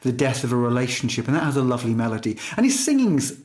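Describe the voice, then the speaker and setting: A man co-hosting a music podcast, talking in a thoughtful, loosely hesitant way with frequent pauses. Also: mid-range voice, big pitch swings, a little mellow. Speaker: podcast co-host. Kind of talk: casual music chat.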